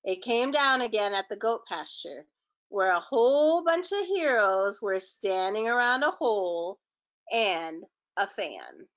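A woman's voice: medium pitch, lively intonation, measured pace, fairly bright tone, lo-fi sound. A woman teacher reading a picture book aloud to children, with chatty asides to her young listeners.

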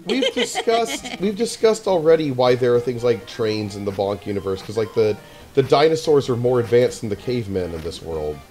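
A man's voice: medium pitch, lively intonation, normal speed, a little mellow, faint music behind. A man chatting casually and joking while explaining a video game to friends. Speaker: let's play host. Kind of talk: casual group gameplay chat.

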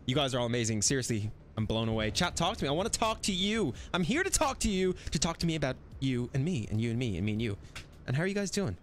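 A man's voice: medium pitch, animated, quick pace, slight background noise. A man live-streaming a VR shooter, bantering with his chat in a crude, playful way. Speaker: game streamer.

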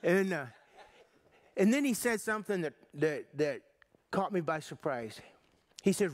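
A man preaching a sermon, telling a personal story in a folksy, halting way with many restarts. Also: sits high, animated, no room sound. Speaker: pastor.

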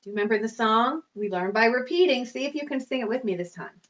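A woman librarian leading a children's storytime, singing, counting and making animal sounds in an animated sing-song way. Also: fairly high pitch, fast, few pauses, muffled recording. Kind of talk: children's storytime lesson with songs. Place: home or library room, recorded for video.

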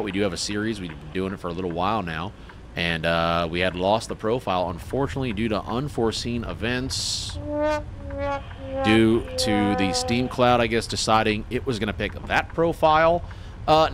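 A man's voice: medium pitch, fairly bright tone, a little hiss or hum. A man hosting a casual gaming livestream, talking in a laid-back folksy trucker way and greeting his chatters. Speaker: livestream host.

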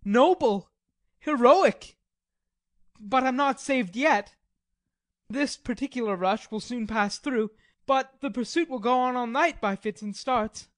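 A woman's voice: a little high, slow, no room sound. A woman reading the part of a weary, hungry male Swiss mercenary soldier in an audiobook drama, nervy, wry and polite.

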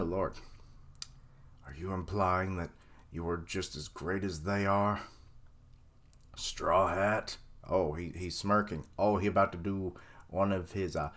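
A man giving casual live reaction commentary, excitable and swearing freely. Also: lowish voice. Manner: excitable, swears freely, laughs and voices characters.

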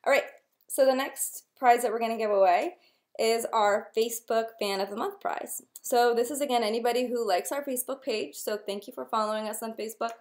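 A woman's voice: on the high side, brisk. Chatty young woman vlogging. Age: young adult. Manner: chatty, many ums, upbeat. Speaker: nail wrap consultant. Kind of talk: casual direct-to-camera vlog.

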